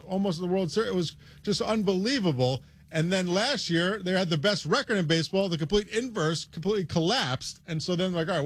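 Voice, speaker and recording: A man speaks as a fan on a sports talk show, venting about his team. His voice sits a little high, and he stays frustrated as he talks.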